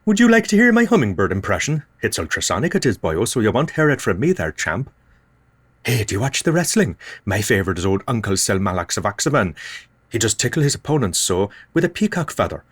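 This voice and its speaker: A man playing a zany, unhinged oddball whose invented accent bounces all over the place in pitch. He rattles from one absurd boast to the next, on a comedy podcast. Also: very animated, a little fast, husky. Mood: manic. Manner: zany, rambling, jumping between topics.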